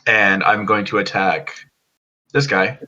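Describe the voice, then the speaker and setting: A man's voice: on the low side, slow pace, pushed and bright, muffled recording. A man playing a tabletop game, joking with the group and often laughing. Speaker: player.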